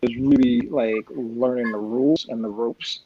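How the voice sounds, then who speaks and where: A man's voice: medium pitch, normal speed, noisy background. A man in his forties, a guest comics creator chatting on a livestream panel, telling stories and acting out the lines he quotes. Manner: animated storyteller who acts out quoted lines. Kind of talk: casual panel chat over a livestream. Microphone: video call. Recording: lo-fi livestream audio.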